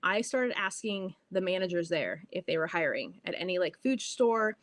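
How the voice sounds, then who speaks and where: A woman's voice: on the low side, moderate pace, no room sound. Bubbly woman podcast host, dry sound. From California. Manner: bubbly, animated storyteller. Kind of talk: casual storytelling monologue.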